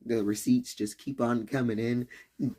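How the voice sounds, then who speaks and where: A man's voice: medium pitch, fairly even intonation, moderate pace, mellow. A man ranting casually on a live stream, rambling and swearing, with frequent laughs. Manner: rambling, profane, laughs often. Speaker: livestreamer.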